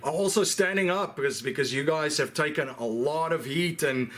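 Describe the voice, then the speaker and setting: A man hosting a podcast interview, speaking haltingly and repeating words as he praises his guest. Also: on the high side, a bit bright. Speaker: podcast host. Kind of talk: interview conversation.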